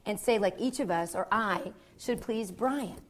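Speaking unhurriedly in a mid-range voice, a woman teaches a seminar for married couples. She is outgoing and somewhat goofy, and she repeatedly asks the audience "okay?" to make sure they're with her.

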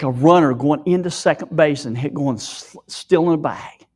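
Husky, tearful man whispering a testimony. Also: a little high, normal speed, few pauses. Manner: hushed and emotional, often dropping to a whisper. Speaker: speaker sharing a personal testimony. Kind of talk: emotional personal testimony.

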